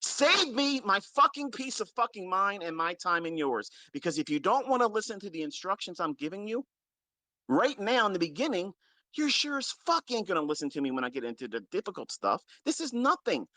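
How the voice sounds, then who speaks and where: A man's voice: sits high, big pitch swings, fairly quick, bright, forceful tone, no room sound. Blunt, profane man scolding his students. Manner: stresses points by repeating them. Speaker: trading mentor. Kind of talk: unscripted ranting lecture to followers.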